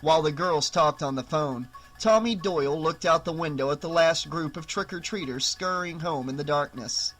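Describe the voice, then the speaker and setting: An audiobook narrator reading a horror novel aloud with expressive storytelling. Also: medium pitch, normal speed, hardly any pauses, faint music behind.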